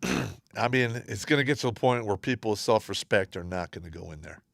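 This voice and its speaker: A man's voice: on the low side, animated, brisk, creaky, fairly bright tone, no room sound, clean studio sound. A man co-hosting a casual livestream, giving blunt, matter-of-fact opinions. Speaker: livestream co-host.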